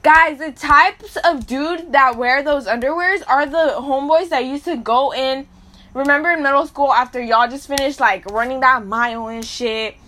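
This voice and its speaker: A young woman hosts a casual storytelling podcast, talking directly to her listeners at normal speed. She has a high, bright voice and a blunt, crude delivery packed with slang and swearing.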